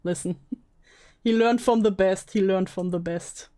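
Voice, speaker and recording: A woman's voice: medium pitch, unhurried, warm tone. A woman streamer reacting casually, giggling and speaking bluntly.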